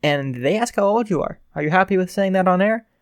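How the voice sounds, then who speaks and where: Guy doing a nervous soft-spoken teen boy, stutters a lot, dry recording. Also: high-pitched, lively intonation, brisk, dry recording. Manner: hesitant, stammering, soft. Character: shy, flustered teenage boy hero student. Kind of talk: fan fiction read aloud.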